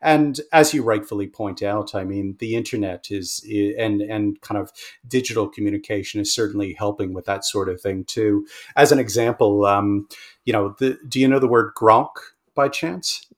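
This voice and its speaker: A man's voice: fairly low pitch, moderate pace. An Australian man in a casual interview, explaining with many ums and restarts. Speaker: language researcher guest.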